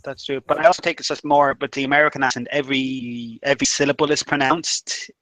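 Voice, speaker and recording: A man chatting on a livestream, quick and self-deprecating. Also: mid-range voice, flat delivery, a bit bright, poor audio. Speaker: stream guest. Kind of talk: casual livestream chat.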